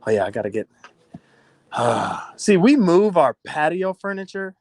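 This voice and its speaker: A man's voice: on the high side, sing-song, measured pace, gravelly, darkish tone, dry recording, studio quality. A middle-aged man casually chatting on a phone live stream while walking around his house, loose and profane, laughing often.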